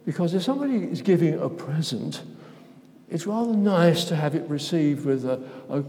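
A man's voice: a little high, sing-song, moderate pace, mellow. An older man giving an informal sermon, chatty and self-interrupting, putting questions to the congregation. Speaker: preacher. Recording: long reverb of a church hall.

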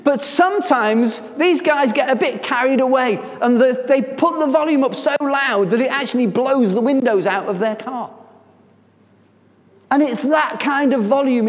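Male preacher, unhurried delivery, swings from hush to loud emphasis, recorded in a hall with long reverb. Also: high voice. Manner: dramatic shifts between soft and loud delivery. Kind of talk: sermon.

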